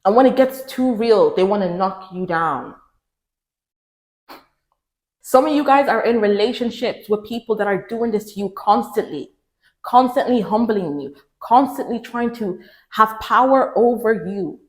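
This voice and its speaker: A woman's voice: unhurried, echoey room. A woman giving relationship advice to the camera in an emphatic, preachy way, repeating lines for stress. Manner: mimics others in raised pitch. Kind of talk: direct-to-camera advice talk.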